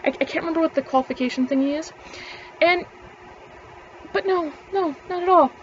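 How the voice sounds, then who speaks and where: A woman's voice: very high-pitched, a little fast, dull audio, slight background noise. A young woman, ranting casually to camera, rambling, swearing freely and laughing between words. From Canada. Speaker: vlogger.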